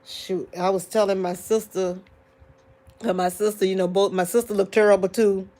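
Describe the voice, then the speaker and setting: A grieving woman hosting a live chat with her viewers, tearful and soft-spoken, often sighing and drawing out her exclamations. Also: medium pitch, flat delivery, moderate pace. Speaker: livestream host talking to viewers.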